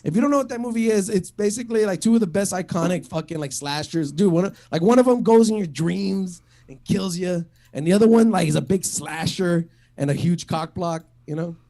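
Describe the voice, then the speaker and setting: High-voiced man rambling through stand-up. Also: brisk, warm tone. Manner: rambling, profane, lots of "like" and restarts. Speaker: stand-up comic. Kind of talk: stand-up set at an online open mic.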